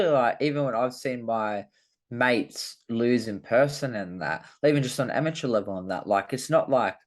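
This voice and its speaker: A man, a fighter talking in a casual chat, rambling with many fillers. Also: medium pitch. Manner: rambling, heavy use of "like" fillers. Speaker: MMA fighter guest.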